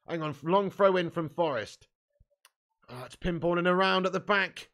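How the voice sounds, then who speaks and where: A man hosting a live fan watch-along, commentating excitably, swearing freely and shouting at chances. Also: fairly high pitch, brisk.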